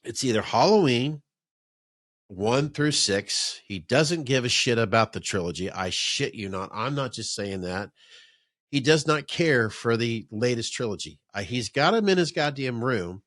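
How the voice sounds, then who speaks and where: A man's voice: mid-range voice, expressive, unhurried, a bit bright, dry recording, clean studio sound. A man hosting a podcast, telling rambling, profane stories in casual chat. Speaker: podcast host. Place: man-cave podcast room.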